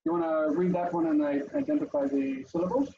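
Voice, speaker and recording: A man teaching a class over a video call, lively and explaining step by step with many fillers, heard through dull, lo-fi call audio. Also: on the high side, brisk, slight background noise.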